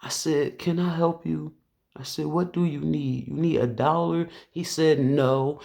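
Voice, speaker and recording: A man's voice: on the high side, slow, gravelly, a little mellow. A man who works as a police officer, telling a personal story to camera in an earnest, conversational way with loose phrasing and restarts.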